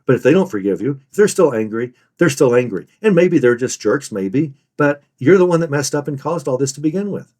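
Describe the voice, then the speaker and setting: A man's voice: mid-range voice, lively intonation, fairly quick, a little mellow. A man teaching fellow online resellers in an earnest, emphatic way, stressing and repeating his main points. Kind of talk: instructional talk.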